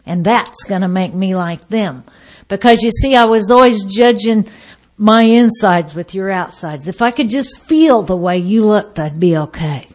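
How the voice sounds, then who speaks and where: Woman giving a personal testimony, mid pitch, vivid storyteller who acts out quotes, swings loud to hushed. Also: expressive, a little slow. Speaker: speaker sharing her recovery story.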